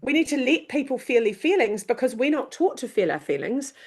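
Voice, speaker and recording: A middle-aged woman, a coach and author chatting as a podcast guest, animated and quick to act out what people say. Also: sits high. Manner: lively, animated, acts out quoted voices, mild swearing. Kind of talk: casual podcast chat.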